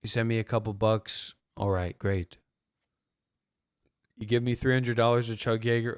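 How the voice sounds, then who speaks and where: A man's voice: mid-range voice, little pitch movement, moderate pace, long pauses, smooth, no room sound, clean studio sound. A man who teaches spirituality, talking bluntly and profanely to viewers on a livestream. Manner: blunt and profane, acting out quoted voices.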